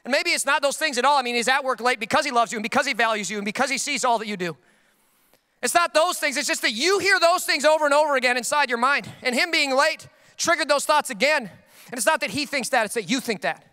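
A young adult male pastor delivers a sermon at a brisk clip. His voice sits very high and sounds bright and crisp. He tells stories with comic, animated bursts. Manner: comedic storytelling with animated outbursts.

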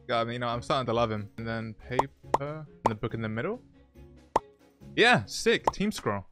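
A young man playing a video game, talking through it with excited, jokey, self-mocking commentary and short narrated asides. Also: medium pitch, moderate pace, over music. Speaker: gaming YouTuber. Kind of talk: playthrough commentary with voice-over narration.

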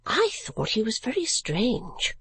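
Female audiobook narrator, breathy, dry studio sound, gentle measured reading. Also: a little high, wildly swooping pitch, no room sound.

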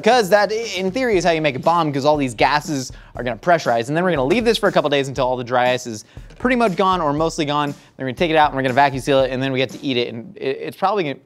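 A man's voice: fairly high pitch, lively intonation, very fast. A man hosting a cooking show, chatting casually in a jokey, upbeat way and laughing often. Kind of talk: casual chat while cooking.

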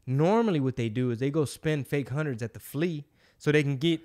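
A man's voice: fairly high pitch, a little fast, darkish tone. A man, hosting a casual podcast and telling stories in loose, slangy, profane talk. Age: 40s. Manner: loose storytelling, slangy, swears freely. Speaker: podcast host.

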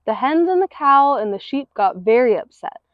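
Woman, picture book read-aloud, expressive and rhythmic, high voice, muffled lo-fi sound. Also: normal speed, no echo. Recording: dull lo-fi recording.

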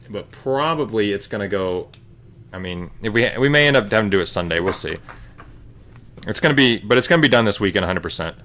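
A man's voice: fairly low pitch, fairly bright tone. A man hosting a live trading card break, casually calling out each card as he opens packs.

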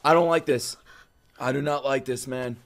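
A man's voice: medium pitch, fairly even intonation, normal speed, creaky, a little hiss or hum. A man reacting live to an anime episode, emotional and profane, repeating himself and bursting into exclamations.

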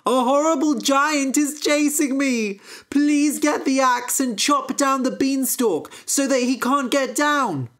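A woman voicing a brave young boy in a storybook, calling out in an excited, urgent way. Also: sits high, slow pace, few pauses, voice pushed up.

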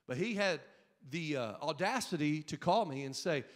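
High, lively-voiced preaching pastor in reverb. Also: male voice, normal speed. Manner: emphatic, call-and-response preaching, at times shouting. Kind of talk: sermon. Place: church sanctuary. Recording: long hall reverb.

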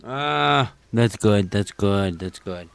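A man's voice: on the low side, lively intonation, slow, gravelly, smooth. A man co-hosting a podcast, joking and bantering casually with his co-host. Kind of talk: casual chat. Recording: loud background noise.

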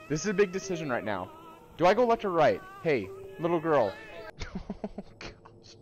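A man's voice: a little high, big pitch swings, moderate pace, soft background music. Jumpy young man, voice swinging widely. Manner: jumpy, exclaiming, nervous laughs, talks to himself. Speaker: friend trying a VR game. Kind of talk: live reactions while playing a horror game. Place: friend's home.

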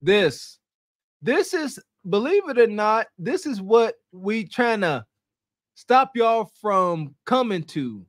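A man co-hosting a reaction podcast, talking in an animated, slangy way and mimicking the people he reacts to. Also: high-pitched, slow, no echo. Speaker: podcast co-host. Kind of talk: casual reaction commentary.

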